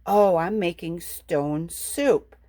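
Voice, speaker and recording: A woman's voice: on the low side, takes it slowly, dark tone. A woman quoting a humble, clever hungry man in a story, in her own plain voice. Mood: coaxing.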